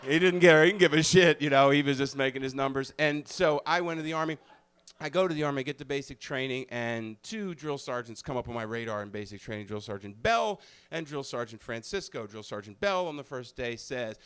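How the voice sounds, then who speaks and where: A male comedian telling a personal story live on stage, animated and profane, moving between loud bursts and hushed, confessional moments. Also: medium pitch, a little fast, clean tone.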